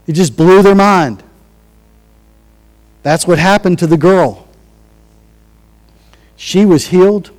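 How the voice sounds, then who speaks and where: A man's voice: a little high, a little mellow, long reverb tail, low-quality recording. A man preaching a sermon in a conversational way, acting out quotes as he goes. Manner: conversational, restarts and acted-out quotes. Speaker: pastor.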